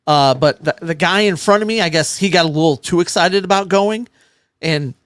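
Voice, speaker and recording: A man co-hosting a casual podcast, telling an animated story and acting out what other people said. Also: fairly high pitch, normal speed, no echo, clean studio sound. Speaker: podcast co-host.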